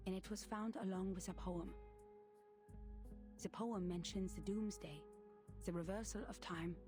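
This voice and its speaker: An actress playing a composed woman agent giving a calm, businesslike briefing in a game. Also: lowish voice, close to an everyday voice.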